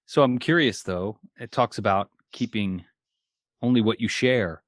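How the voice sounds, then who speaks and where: A man hosting an interview, asking measured questions. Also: lowish voice, no room sound, studio quality. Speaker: host.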